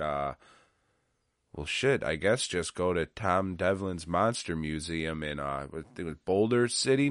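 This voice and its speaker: A man's voice: deep voice, clear, resonant tone, no room sound, clean studio sound. A man hosting a podcast, wrapping up an episode in a loose, rambling way with plenty of swearing and jokes. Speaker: podcast host. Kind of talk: casual outro monologue.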